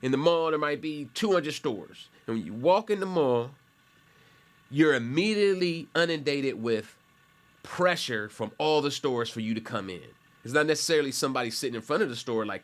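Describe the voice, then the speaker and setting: A man's voice: mid-range voice, expressive, moderate pace. Male instructor, offhand and chatty, talking through a screen demo with frequent asides. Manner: conversational and rambling, with self-corrections and asides. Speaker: college instructor. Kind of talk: casual classroom explanation while screen sharing.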